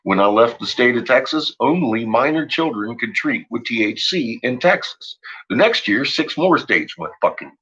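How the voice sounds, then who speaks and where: Husky-voiced man, profane rambling rant, dull lo-fi sound. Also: mid-range voice, sing-song, moderate pace. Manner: profane, ranting, shouts in retold quotes. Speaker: host. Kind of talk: rambling late-night monologue.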